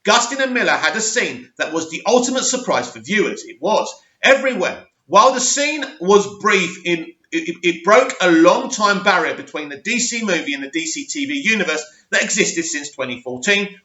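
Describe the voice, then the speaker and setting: Bright high-voiced man reading entertainment news. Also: lively intonation, moderate pace, few pauses. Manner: reads aloud, stumbles on names, adds opinionated asides. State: slightly hoarse voice. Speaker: host. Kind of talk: reading news articles with commentary. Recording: roomy, slightly dull sound.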